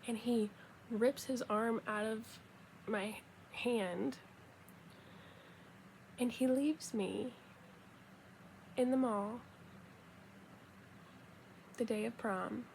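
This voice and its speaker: A young woman chats through a personal story, acting out the lines of everyone involved. Her voice sits a little high with a gravelly fry. A faint hiss sits under the recording. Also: very slow, pauses often. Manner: chatty, animated retelling with quoted dialogue. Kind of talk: casual storytelling.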